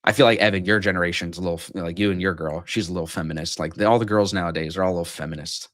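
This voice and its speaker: A man's voice: low-pitched, steady tone, rapid-fire, a bit bright. A man trading on a live stream, rambling and joking crudely while teasing his co-hosts. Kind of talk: casual crude banter.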